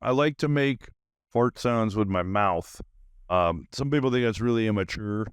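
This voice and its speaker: A man's voice: on the low side, normal speed, smooth, no room sound. A man hosting his own podcast, talking on and on in a loose, caffeinated monologue full of fillers. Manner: rambling, nonstop talker with many fillers. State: highly caffeinated. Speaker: podcast host. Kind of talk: rambling solo podcast monologue.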